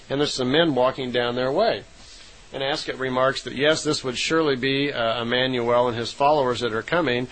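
A man's voice: medium pitch, a bit bright, low-quality recording. A man retelling a story in a loose, unscripted way, with frequent fillers and self-corrections. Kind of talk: casual spoken retelling.

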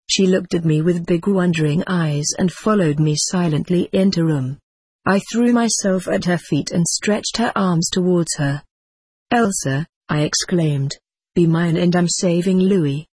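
A narrator reading a first-person story aloud in an even, measured way. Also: medium pitch, husky, dry recording. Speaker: audiobook narrator. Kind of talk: scripted narration.

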